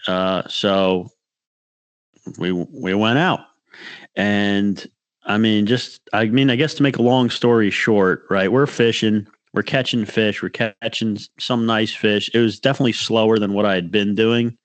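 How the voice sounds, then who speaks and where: This podcast co-host has a lowish, fairly even voice and speaks a little slowly. In casual chat he rambles through a fishing story, restarting often and acting out what other people said. There's no room sound on the recording.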